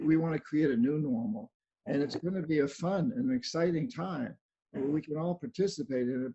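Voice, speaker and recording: A man's voice: on the high side, dark tone, husky. An older man, an author, talking earnestly as a guest on a video call and often repeating words as he goes. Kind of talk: casual video-call interview. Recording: dull lo-fi video-call audio.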